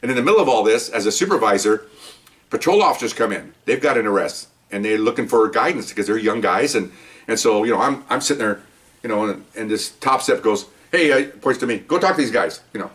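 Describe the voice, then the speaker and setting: An older man, a retired police officer, talks fast in a lowish, fairly bright voice, picked up by a distant mic. He rambles through career stories in a casual monologue, restarting often and ending many sentences with "okay?".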